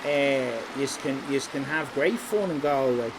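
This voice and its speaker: A man's voice: medium pitch, a little slow, noisy background. A man giving rambling, teasing live-stream commentary over a city walk. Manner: jokey, rambling, teasing chat.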